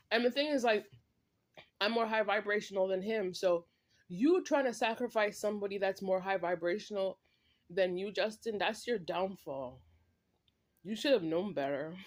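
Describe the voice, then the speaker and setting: A woman delivering a direct-to-camera spiritual monologue, emphatic and repetitive, with many "like" and "right?" tags and short laughs. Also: mid-range voice. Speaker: vlogger.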